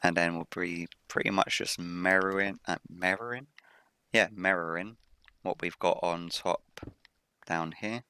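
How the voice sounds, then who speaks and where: Low, bright-toned gamer with a morning voice. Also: male voice, unhurried, clean tone, no room sound. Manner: relaxed, thinking aloud while building. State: morning voice, slightly rough. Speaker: let's play host. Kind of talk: casual gameplay commentary.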